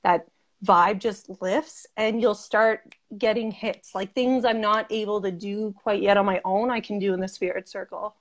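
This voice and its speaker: A woman's voice: mid-range voice, fairly even intonation, normal speed. Bubbly, chatty young woman guest. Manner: gushing, chatty, frequent "like" and laughs. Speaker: interview guest, group member. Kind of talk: casual chat.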